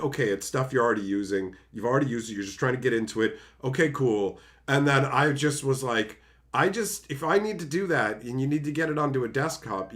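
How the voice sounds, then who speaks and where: Animated high-voiced man telling a story. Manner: animated, swears freely, acts out his own panicked yelling. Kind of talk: casual storytelling.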